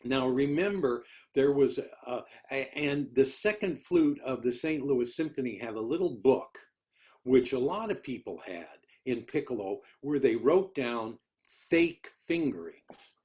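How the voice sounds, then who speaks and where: Slow-spoken older man telling stories. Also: mid-range voice, lively intonation, a little mellow. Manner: rambling and anecdotal, often repeats words while searching for them. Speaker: interviewee, retired orchestral piccolo player. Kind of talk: conversational storytelling in a discussion.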